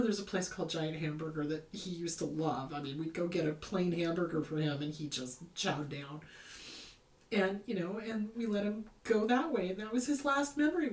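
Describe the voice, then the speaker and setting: A woman therapist hosting a show, giving casual advice in a blunt, emphatic way and repeating her key points. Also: mid-range voice. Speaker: therapist host answering viewer questions. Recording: roomy echo, mic at a distance.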